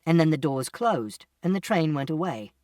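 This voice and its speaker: A man's voice: a little high, expressive, moderate pace, darkish tone, no room sound. A man reading a novel aloud in the first person, giving a plain, literal, step-by-step telling. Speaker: audiobook narrator. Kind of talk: first-person audiobook narration. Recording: distant mic, dry sound.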